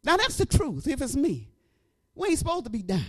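Older man, church preacher; fervent, exhorting delivery that swells to shouts; very high register. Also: huge pitch swings, fairly quick. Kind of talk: preaching sermon.

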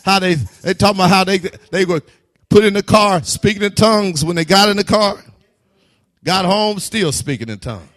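A man preaching a fervent sermon, building to shouts, stammering and repeating words, with laughing asides. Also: high voice, moderate pace.

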